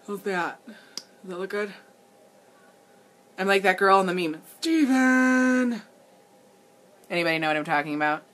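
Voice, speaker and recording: A woman's voice: fairly low pitch, steady tone, fairly quick, pauses often, a bit bright. A woman hosting a live makeup tutorial, chatting casually with viewers and laughing often. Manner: giggly, talks straight to viewers, easily amused. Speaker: makeup demonstrator and livestream host.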